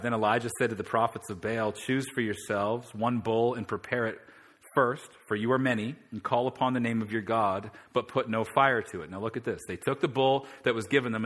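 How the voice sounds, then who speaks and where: A male pastor preaching a sermon, telling the scripture story with animated energy and climbing louder as he reads it aloud. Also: fairly low pitch.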